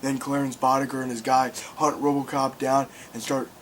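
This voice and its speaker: A young man giving a casual film review, excitable and swearing, acting out scenes loudly. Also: mid-range voice, normal speed, a little hiss or hum.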